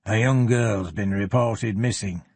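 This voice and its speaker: Man doing a gruff Yorkshire police chief. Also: fairly low pitch, darkish tone, dry recording. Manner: blunt, unhurried, plain-spoken. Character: gruff older male Yorkshire police superintendent.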